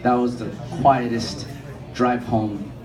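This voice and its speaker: A young male comedian performs a stand-up set on a comedy club stage, telling profane stories and acting out the people he quotes. His delivery is flat and slow. The boomy, echoey room is picked up by a distant mic, with a loud crowd laughing throughout.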